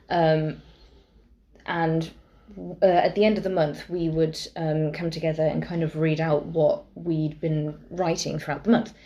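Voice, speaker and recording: Chatty young woman, lowish voice. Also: mellow. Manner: chatty, anecdotal storytelling with many fillers. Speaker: podcast co-host. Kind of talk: casual chat.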